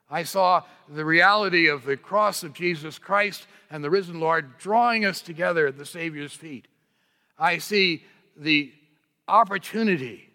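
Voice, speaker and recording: A man preaching a sermon to his congregation, earnest and emphatic, slowing down on key words. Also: fairly high pitch, bright, forceful tone. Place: church sanctuary. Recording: reverberant church hall.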